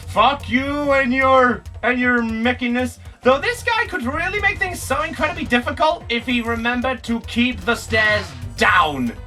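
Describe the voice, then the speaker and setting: A young man giving jokey, excitable let's play commentary, yelping and swearing as he plays. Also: very high voice, a little slow, hardly any pauses, recorded from a distance. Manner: excitable, jokey, swears, bursts into yelps and shouts. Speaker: gaming YouTuber. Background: game music.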